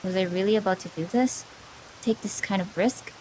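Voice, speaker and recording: A woman streamer reads a visual novel aloud on a livestream, at a middling pitch with a faint hiss behind her. She keeps breaking off into jittery chatter with her chat, nervous and easily spooked. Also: moderate pace, darkish tone.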